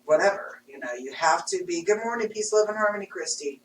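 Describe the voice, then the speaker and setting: A woman in her fifties chats bluntly and with lots of laughter about her work as a healer. Her voice sits a little low. She is recorded in a roomy space from some distance, with a faint hum underneath. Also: brisk. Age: 50s. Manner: frank, animated, laughs often. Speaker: intuitive reader and healer. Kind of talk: casual chat. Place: studio room.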